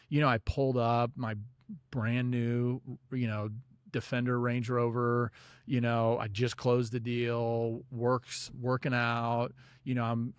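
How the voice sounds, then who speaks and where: On a podcast, a male guest shares his own faith journey in a loose, chatty style, leaning heavily on "you know" and "like" as he speaks of God and prayer. The interview is casual storytelling. His voice is mid-range and smooth, recorded dry with clean studio sound.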